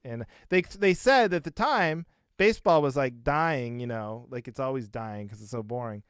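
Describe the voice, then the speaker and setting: A man in his thirties, a guest comedian chatting on a podcast and telling animated stories. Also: mid-range voice, moderate pace, smooth, dry recording, clean studio sound. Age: 30s. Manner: animated, storytelling with acted quotes. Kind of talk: casual podcast chat.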